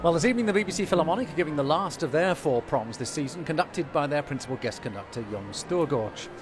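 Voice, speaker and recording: A man's voice: fairly high pitch, lively intonation, quick pace, over music. A man presenting a live classical concert broadcast from a concert hall, polished and informative.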